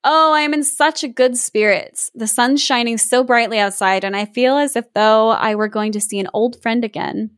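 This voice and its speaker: A woman's voice: fairly high pitch, moderate pace, few pauses, fairly bright tone, smooth, no room sound, studio quality, close to an everyday voice. A woman reading the lines of a cheerful, oblivious father in a fairy tale, with delighted exclamations.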